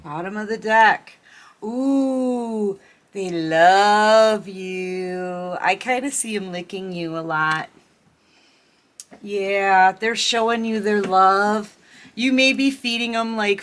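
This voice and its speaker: A woman's voice: mid-range voice, a bit bright. A woman giving a casual tarot reading, chatting and giggling as she talks straight to her viewers. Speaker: tarot reader.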